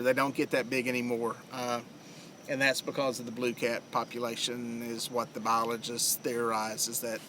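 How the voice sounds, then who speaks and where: A man's voice: medium pitch, sharp tone, a little hiss or hum. A middle-aged man with a Southern US accent, chatting casually to viewers on a live fishing stream outdoors by a lake, rambling with plenty of fillers. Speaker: fishing livestream host.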